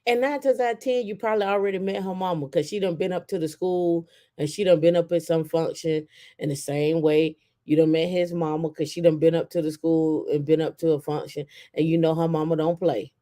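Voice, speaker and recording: A woman host in casual chat, telling stories in an animated way and acting out quotes. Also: sits low, brisk. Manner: animated storytelling with acted-out quotes.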